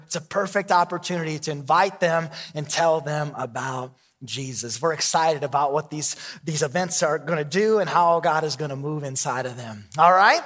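A man's voice: high-pitched, a bit bright, big-room sound. A man in his thirties, a pastor, preaching a sermon with candid, self-deprecating storytelling.

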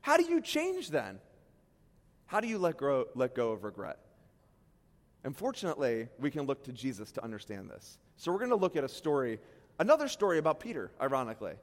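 A middle-aged man preaching a sermon on a church stage, animated and self-deprecating, with sudden loud bursts when he acts out quotes. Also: mid-range voice, fairly quick. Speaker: pastor. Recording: long hall reverb.

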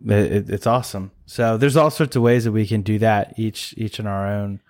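A man with a fairly low voice co-hosts a relaxed faith chat. He rambles in an easygoing way, restarting his thoughts and laughing often. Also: moderate pace. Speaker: podcast co-host. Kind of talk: casual faith conversation.

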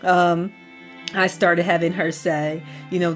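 Woman, middle-aged, relaxed explainer with frequent laughs, light music bed. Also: on the low side, takes it slowly. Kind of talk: casual chat.

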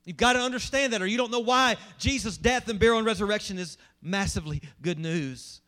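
High-voiced man preaching a sermon. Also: fairly quick, bright, forceful tone. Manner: emphatic preaching, asks the congregation questions. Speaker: pastor.

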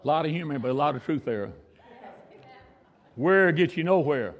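A male pastor with a notably high voice tells homespun stories from the pulpit, circling back and repeating his points. His voice echoes through a large hall with a long reverb. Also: expressive, moderate pace, muffled recording. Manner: homespun, repeats himself for emphasis. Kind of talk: folksy storytelling sermon.

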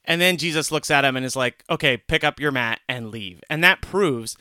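A man co-hosting a casual Bible study podcast, earnest and lively when retelling scenes. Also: medium pitch, moderate pace, smooth, dry recording, clean studio sound. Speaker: podcast co-host.

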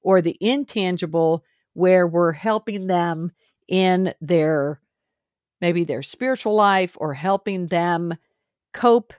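A woman with a low voice hosts a podcast interview, sounding close to the mic in a dry recording. She encourages her guest and keeps the talk moving with follow-up questions. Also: slow, a little mellow, dry recording. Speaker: podcast host.

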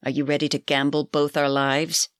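Scheming old crone with a hissing, wheedling edge, pitch sitting in the middle, as a storyteller puts her on; storybook reading, close and dry. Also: completely flat delivery, moderate pace, a bit bright, clean tone, no room sound, lightly acted. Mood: coaxing.

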